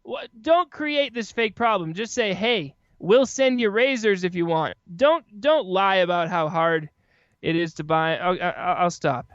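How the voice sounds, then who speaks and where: A man's voice: high-pitched, animated, unhurried, fairly bright tone, smooth, dry recording, lo-fi sound. A man guest on a podcast in casual chat, ranting animatedly and mocking ad voices.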